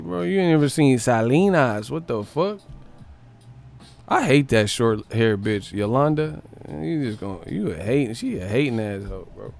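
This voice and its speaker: Dude riffing on a boxing livestream, cussing and joking, mid pitched. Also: male voice, animated, moderate pace, vocal fry. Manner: profane, joking, mimics others in put-on voices. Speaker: boxing live-stream host. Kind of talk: casual live-stream commentary.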